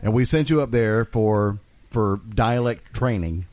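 A man's voice: on the low side, unhurried, a little mellow. A man co-hosting a casual chat, throwing in dry jokes. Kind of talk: casual chat among friends.

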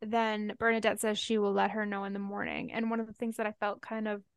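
A woman's voice: mid-range voice, little pitch movement, brisk, smooth, no echo. A young woman co-hosting a book podcast in casual chat, laughing often and swearing freely as she recaps chapters. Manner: chatty, swears and laughs easily.

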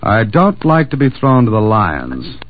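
Tough guy, low voice, dry wisecracks, 1940s radio play, tinny sound. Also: huge pitch swings, measured pace, slight background noise. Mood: wry. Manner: dry, wisecracking, hard-boiled. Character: wisecracking tough male adventurer.

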